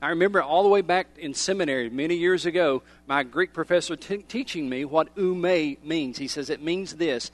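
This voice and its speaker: A middle-aged pastor preaches a sermon emphatically, his voice on the high side, swinging from loud stresses to hushed, drawn-out phrases. There is no echo.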